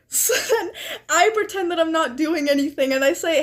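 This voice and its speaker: A woman's voice: extremely high pitch, moderate pace. A young woman streamer telling a story casually and animatedly while gaming, giggling often. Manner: animated, giggly, retells chats with quoted lines.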